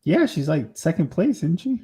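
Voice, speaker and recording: A man on a podcast talking in a measured way, giving confident predictions. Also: on the high side, big pitch swings, mellow, breathy edge. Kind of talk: casual podcast chat.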